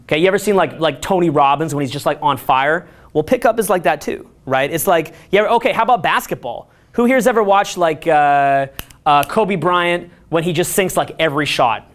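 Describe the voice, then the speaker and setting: A man giving an energetic, rambling seminar talk full of filler words. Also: on the high side, normal speed. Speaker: seminar coach. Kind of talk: casual live seminar talk.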